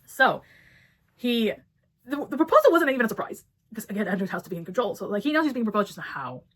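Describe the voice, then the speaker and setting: A woman talks through a book in a quick, tumbling rush, with her words crowding together. She is blunt, swears freely, and jumps into the characters' lines as she retells the story, in a casual review chat. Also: on the high side, very animated, fairly bright tone.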